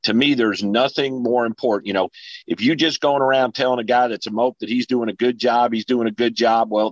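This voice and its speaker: A man's voice: medium pitch, no room sound, muffled recording. A man speaking as a guest in a casual panel discussion, earnest and repeating words as he starts his sentences. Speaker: panel guest, fire officer.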